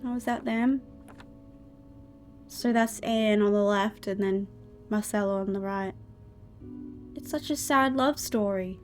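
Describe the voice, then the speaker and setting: A woman's voice: medium pitch, measured pace, pauses often, soft background music. Woman thinking aloud over a game. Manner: thinks aloud, chatty and amused. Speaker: game streamer. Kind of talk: let's-play commentary, reading game letters aloud.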